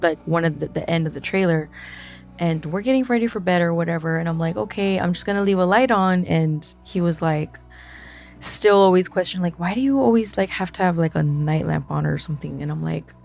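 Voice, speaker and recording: A woman telling a ghost story in a casual, animated way, acting out the quotes and swearing as she goes. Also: lowish voice, fairly quick, creaky, faint music behind. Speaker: guest.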